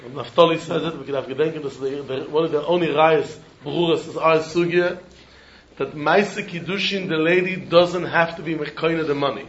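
A man giving a Talmud lesson in a lively, questioning way, mixing Yiddish terms into his English. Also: on the high side, a little fast. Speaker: Talmud teacher. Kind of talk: yeshiva-style Talmud lesson. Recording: dull echoey room with faint noise.

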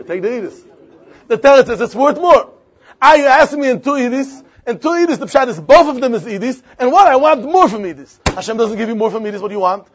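A man's voice: extremely high pitch, slightly rough. A man teaching a Talmud lesson, repeating phrases and posing and answering his own questions. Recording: dull lo-fi recording with faint crowd.

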